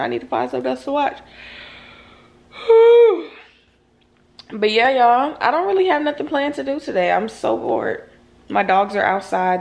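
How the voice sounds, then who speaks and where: A woman's voice: medium pitch, vocal fry, roomy sound. A young woman chatting casually to her viewers in a home vlog, laid-back and talkative, filmed on a handheld camera indoors. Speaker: vlogger.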